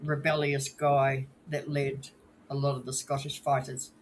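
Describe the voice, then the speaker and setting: A podcast co-host telling stories in a relaxed, casual way on a live show, with a teasing streak. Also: medium pitch, measured pace, slight background noise.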